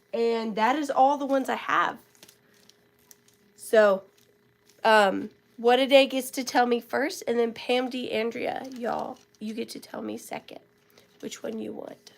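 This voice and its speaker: A woman hosts a live online sale from home, taking her time and thanking her viewers by name with affection. Her voice sits a little high and has a gravelly, fried edge, and she sounds a bit under the weather. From southern United States. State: feeling unwell. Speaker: live-stream auction host. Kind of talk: casual live-stream selling chat. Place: home workspace.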